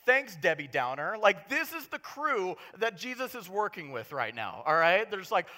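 Man preacher, casual jokey sermon, bright lively delivery, drops to hushed then gets loud. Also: high voice, normal speed.

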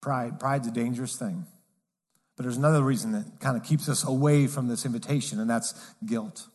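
A pastor preaching in a casual, conversational way, dropping to a low, soft voice for emphasis. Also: male voice, a little fast, husky, in a large hall. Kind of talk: sermon.

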